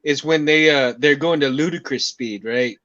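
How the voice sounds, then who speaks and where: A man's voice: a little high, normal speed, a bit bright. A man in casual chat, eagerly recalling scenes and laughing often. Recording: dull lo-fi sound.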